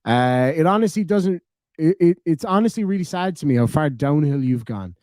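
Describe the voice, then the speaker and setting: An Irish man reads through viewer comments on a live stream, sarcastic and quick to swear. His voice sits a bit high for a man, and the sound is dry and close with no room echo. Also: expressive, darkish tone. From Ireland. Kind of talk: casual live stream chat.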